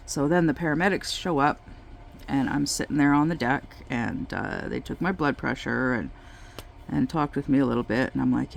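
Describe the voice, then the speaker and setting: Woman chatting while she crafts, kinda slow and halting, bit of vocal fry. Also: rumbling low, animated, a little hiss or hum. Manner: slow, halting storytelling with many pauses. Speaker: craft vlogger. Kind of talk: casual chat while crafting.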